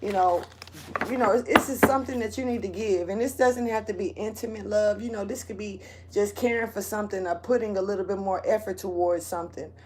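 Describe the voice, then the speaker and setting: A woman's voice: medium pitch, steady tone, fairly quick, background noise. Laid-back rambling woman tarot reader. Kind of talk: casual monthly astrology reading.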